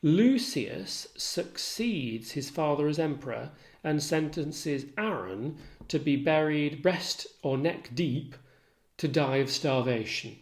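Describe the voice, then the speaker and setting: A man's voice: a little high, lively intonation, takes it slowly, reverberant. A man teaching literature in a recorded lecture, methodically listing facts one by one. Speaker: literature tutor.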